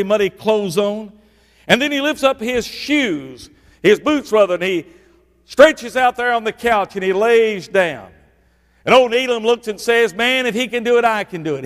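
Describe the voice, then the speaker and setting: A middle-aged man, preaching a sermon and swinging between loud bursts and hushed, low lines for emphasis. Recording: echoey hall reverb.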